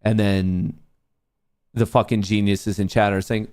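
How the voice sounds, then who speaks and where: A man's voice: fairly low pitch, flat delivery, measured pace, pauses often, a little mellow. A young man hosting a live trading stream, ranting profanely at comments from his chat. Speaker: livestream trading host.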